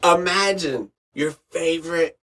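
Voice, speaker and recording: A man, an actor and radio host, telling animated stories in an interview and acting out the people he quotes. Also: on the high side, unhurried. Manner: lively anecdotes, acts out quoted voices, swears freely. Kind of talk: animated storytelling.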